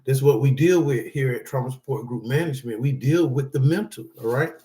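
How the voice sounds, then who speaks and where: A man's voice: mid-range voice, brisk, mellow. A man speaking casually to viewers as a support group speaker, reading from notes and giving loose, rambling advice with frequent check-ins like "all right?". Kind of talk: casual motivational talk. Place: indoors, reading from notes to camera.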